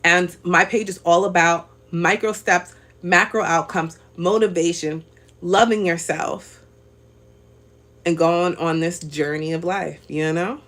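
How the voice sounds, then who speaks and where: A woman's voice: fairly low pitch, fairly even intonation, takes it slowly, fairly bright tone. A woman in her thirties hosting a casual live stream, chatting in an upbeat, motivational way straight to her viewers and answering their comments. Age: 30s. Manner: reads out viewer comments and laughs often. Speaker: livestream host.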